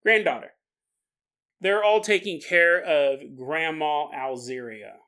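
Chatty male host who tells strange stories, jokey and bright. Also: fairly high pitch, slow, clean tone. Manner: jokey, laughs often, shifting volume. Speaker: podcast host. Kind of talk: casual storytelling.

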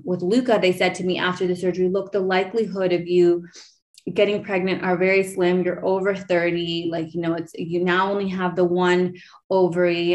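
A woman in her thirties hosting a podcast, telling a personal story in a chatty way, full of fillers and restarts. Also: on the low side. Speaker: podcast host.

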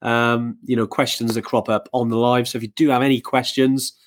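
A man co-hosting a live-streamed podcast, talking casually and warmly to viewers. He hesitates often, restarts phrases and fills pauses with ums. His pitch sits in an ordinary middle range. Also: little pitch movement. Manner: chatty, hesitant with many fillers and restarts. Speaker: podcast co-host.

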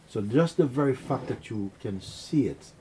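A middle-aged man giving a spiritual talk to an audience. He speaks in an unhurried, earnest way and acts out quotes and vivid images. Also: mid-range voice, animated, warm tone, a little hiss or hum. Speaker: spiritual teacher.

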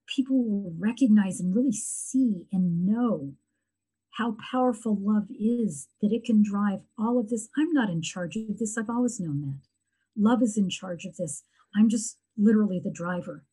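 Earnest woman with a dark, husky voice. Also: medium pitch, low-quality recording. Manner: earnest, reflective, halting with restarts. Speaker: guest sharing her grief story. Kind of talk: heartfelt conversation.

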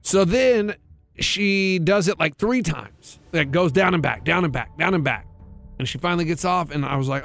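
This radio show co-host, a man in his thirties, has a gravelly, slightly high voice and talks at normal speed. Soft music plays behind him as he chats casually, spinning a meandering, lively story and imitating the voices of its characters.

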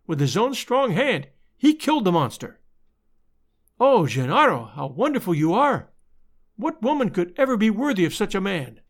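A man reading aloud and voicing a passionate young Italian wife who speaks in exclamations and halting English, with an Italian accent. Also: sits high, full character voice.

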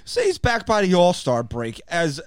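A man co-hosting a sports podcast in casual chat, asking questions and calmly reasoning things out. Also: high voice, moderate pace, clear, resonant tone, no room sound. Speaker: podcast co-host.

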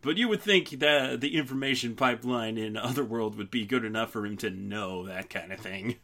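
A man's voice: mid-range voice, brisk, pushed and bright. A man hosting a podcast in casual chat, playful and giggly, tossing off jokey quips and reading listener comments.

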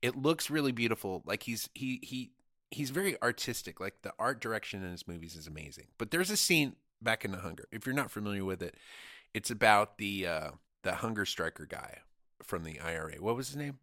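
Animated, insistent man bantering on a podcast. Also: fairly low pitch, fairly quick, no room sound, studio quality. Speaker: podcast co-host.

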